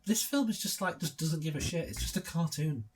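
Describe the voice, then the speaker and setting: This co-host of a laid-back film commentary has a brisk, slightly rough voice pitched on the high side. Sarcastic jokes fly back and forth, and he breaks into laughter frequently.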